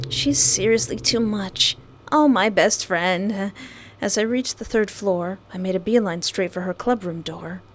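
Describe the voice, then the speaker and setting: A young woman playing through a visual novel, reading the narration aloud and reacting with dramatic, playful asides and shrill screams. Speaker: let's play host.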